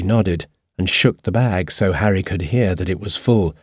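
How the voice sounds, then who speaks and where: A man narrating a storybook in a steady, even reading voice. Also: low voice, moderate pace, husky, no room sound, studio quality.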